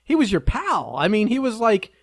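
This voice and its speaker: A man's voice: high voice, sing-song, normal speed, no echo. A man co-hosting a podcast, reacting with dry, teasing remarks in casual chat. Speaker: podcast co-host.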